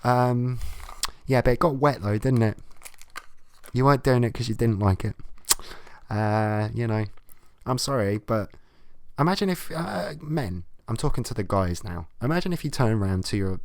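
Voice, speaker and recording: A man's voice: medium pitch, expressive, normal speed, darkish tone, no echo. A man hosting a comic show, reading out advice letters and ranting about them with blunt, sweary sarcasm. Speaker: host reacting to advice letters.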